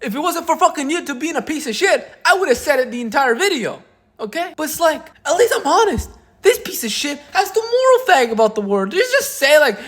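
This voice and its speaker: A man's voice: very high voice, big pitch swings, normal speed, fairly bright tone. A man giving a profane, mocking, rambling commentary rant. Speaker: commentary YouTuber. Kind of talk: reaction commentary.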